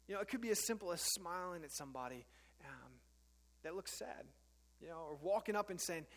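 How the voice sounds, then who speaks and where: A man's voice: high-pitched, animated, brisk, fairly bright tone, long reverb tail. A man preaching a sermon as pastor, earnest and conversational, with frequent fillers and restarts.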